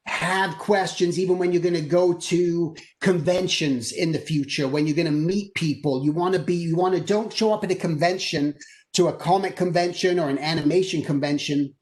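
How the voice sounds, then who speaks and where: A man giving a conversational career talk to students over a video call, energetic and acting out quoted dialogue. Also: sits high. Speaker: guest presenter.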